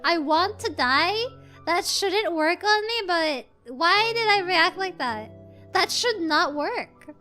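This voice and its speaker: A woman with a high, bright voice chats through a gameplay stream at an unhurried pace. She rambles, restarts her sentences and breaks into excitable outbursts, with faint game music behind her. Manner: rambling, self-correcting, sudden excitable outbursts. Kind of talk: casual gameplay stream chat.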